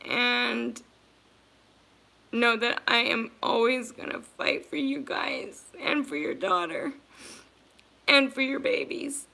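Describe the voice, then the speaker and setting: A woman talks slowly and earnestly to her livestream viewers, her voice bright but edged with a gravelly fry. She sounds emotional and repeats her words of support. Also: a little high, steady tone. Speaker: livestream host.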